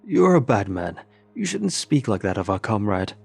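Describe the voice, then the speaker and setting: A man doing a tired soldier, speaking low and reflective. His voice is husky with a gravelly edge. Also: big pitch swings, normal speed, full character voice. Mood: sheepish. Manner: sighing, reflective. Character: weary Norwegian man soldier, thoughtful.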